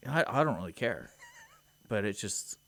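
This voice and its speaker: A man's voice: fairly low pitch, sing-song, measured pace, creaky, fairly bright tone. A man from Texas with a Texas accent on certain words, co-hosting a community radio show in a laid-back way with short replies. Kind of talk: casual radio banter.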